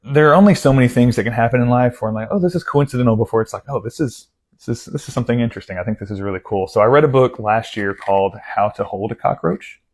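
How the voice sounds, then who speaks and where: A man's voice: mid-range voice, quick pace. A young man chatting casually about his latest book haul, rambling and self-deprecating, with lots of asides and restarts. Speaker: book vlogger.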